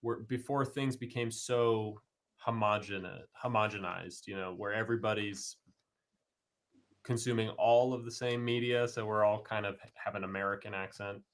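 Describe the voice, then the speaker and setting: A man from California, hosting a casual chat over a video call, earnest and a little halting. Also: on the low side, fairly even intonation. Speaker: filmmaker host.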